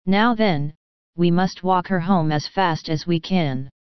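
A woman voicing a brisk, capable teenage boy who gives urgent commands in a storybook reading. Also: on the low side, clear, resonant tone, no room sound, muffled recording, close to an everyday voice.

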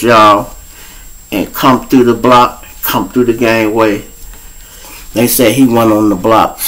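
A man around fifty with a Chicago accent, hosting his own show and telling a raw street story to his listeners, profane and blunt, breaking into loud acted-out voices. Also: lowish voice, poor audio. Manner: profane, blunt, addresses listeners directly, acts out voices loudly. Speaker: show host.

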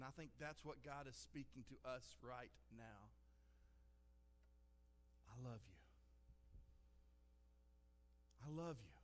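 A man preaching a sermon as a pastor, earnest and conversational, repeating "listen" to press his points. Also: medium pitch. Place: church sanctuary. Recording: long hall reverb.

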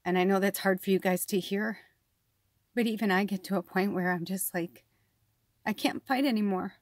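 A woman's voice: mid-range voice, little pitch movement, brisk, no echo, clean studio sound. A woman speaking as a psychic medium in an emotional personal vlog, sounding worn out and distraught, swearing often and filling her talk with "like". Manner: frequent swearing and filler 'like'. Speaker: psychic medium and card reader.

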